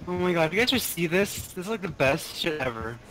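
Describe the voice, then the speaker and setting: Excitable man in game chat. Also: fairly quick, rough recording. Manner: excitable, laughing, yelps in high bursts. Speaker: gamer. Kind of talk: casual multiplayer game chat.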